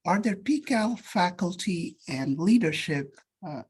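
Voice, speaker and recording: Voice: medium pitch, expressive, measured pace, darkish tone, a little hiss or hum. An emcee presenting awards at a formal reception, courteously thanking people and reading nomination text aloud. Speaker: ceremony emcee.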